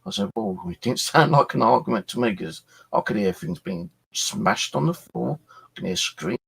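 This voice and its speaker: A middle-aged man hosting his channel, telling an animated story from his flat with some swearing and acted-out exchanges. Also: mid-range voice, moderate pace, vocal fry, husky. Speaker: channel host. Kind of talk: casual storytelling chat.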